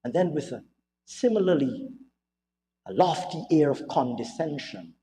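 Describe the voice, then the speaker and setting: A high-voiced man holds the floor in a parliamentary debate, his mocking, theatrical delivery full of repetition for emphasis. The sound bounces around a large, reverberant chamber with a long tail. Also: expressive, a little slow, pauses often, mellow. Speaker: member of parliament. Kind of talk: parliamentary budget debate speech.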